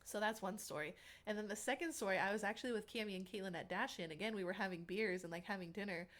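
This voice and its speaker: A woman's voice: medium pitch, fast, fairly bright tone. A young woman, an interview guest, tells a personal story in a chatty way, full of "like" and acted-out quotes. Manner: chatty, many "like" fillers, acts out quotes. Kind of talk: casual storytelling.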